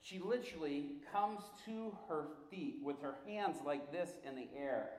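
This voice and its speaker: A man's voice: on the high side, expressive, unhurried, a little mellow, reverberant. A male preacher telling a story in a sermon, animatedly acting out the voices of the people in it.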